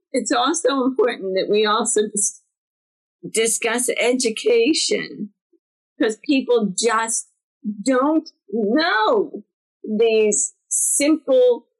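Middle-aged woman from New Jersey, podcast co-host, fairly high voice, animated storyteller. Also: poor audio. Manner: animated storyteller, acts out quotes with big pitch jumps. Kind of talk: casual chat.

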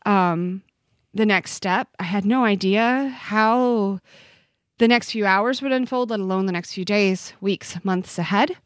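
A woman's voice: medium pitch, measured pace, clear, resonant tone, no echo, studio quality. A woman in her forties, a podcast guest, telling a personal story in an earnest, heartfelt way that often halts and restarts. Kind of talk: personal testimony in conversation.

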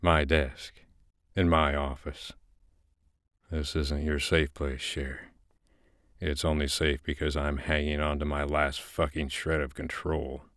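A man hosting and narrating, reading a fiction excerpt aloud in a slow, measured first-person delivery. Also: rumbling low, level tone, a bit bright, no room sound, studio quality. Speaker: narrator and host.

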